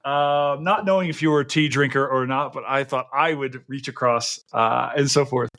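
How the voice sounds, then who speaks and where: A man's voice: mid-range voice, steady tone, normal speed, fairly bright tone. A male podcast host with a mid-range voice chats with his guest. He is playful and a bit hesitant, and his sentences are full of fillers. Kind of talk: casual podcast conversation.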